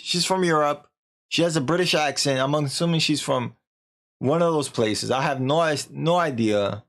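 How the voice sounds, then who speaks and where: A man's voice: fairly high pitch, a bit bright. A man streaming a game, casually retelling its story in a rambling, slangy way, full of fillers and restarts, and loosely acting out the characters' lines.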